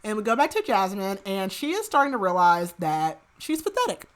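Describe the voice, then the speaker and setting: A woman hosting a podcast, recapping a book in casual chat, rambling with lots of filler "like" and dropping into soft murmured asides. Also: mid-range voice, huge pitch swings, brisk. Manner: rambling, heavy use of filler "like", chatty asides; laughs at her own remarks, drops to soft murmured asides. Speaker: podcast host.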